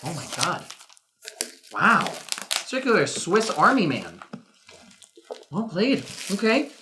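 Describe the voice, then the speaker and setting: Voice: medium pitch, wildly swooping pitch, slow, background noise. A co-host of a board game unboxing, chatty, curious and teasing.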